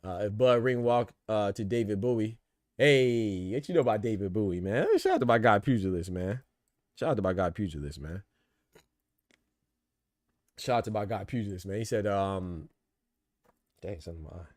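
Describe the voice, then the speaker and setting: A man hosting a podcast, riffing in casual, animated commentary full of rhetorical asides and swearing. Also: on the low side, moderate pace, dry recording, studio quality. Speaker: podcast host. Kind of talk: casual boxing and politics commentary.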